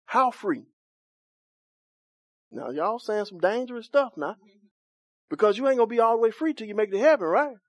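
A man's voice: high voice, expressive, moderate pace, pauses often, dry recording. A man preaching a sermon, questioning and bantering with his congregation in folksy church vernacular, often laughing.

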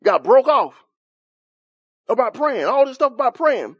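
A man preaching an impassioned sermon in informal church speech, swinging from loud shouts down to quiet, soft lines. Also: very high-pitched, big pitch swings, a little slow. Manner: impassioned, rising to shouts then dropping soft.

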